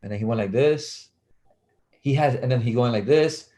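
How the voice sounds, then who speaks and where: Animated New man telling stories. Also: medium pitch, normal speed, pauses often. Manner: animated, acts out quoted voices, laughs often. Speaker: guest, pro basketball player. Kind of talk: casual storytelling.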